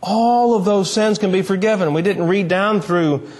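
A man preaching a sermon, reading scripture aloud and then speaking in an earnest, emphatic way with slow, weighty pauses. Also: high voice, darkish tone.

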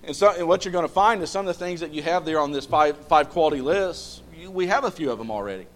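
A man leads a Bible study with a voice pitched a little high. He keeps firing questions at the group and repeats key phrases to drive them home. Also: expressive, fast, fairly bright tone. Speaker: Bible class teacher.

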